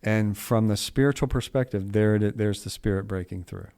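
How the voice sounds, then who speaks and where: A middle-aged man tells a story on a podcast in a relaxed, folksy way. He rambles and restarts, and tosses in asides as he goes. His voice sits a bit low. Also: normal speed, clear, resonant tone. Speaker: podcast co-host. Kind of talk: casual storytelling chat.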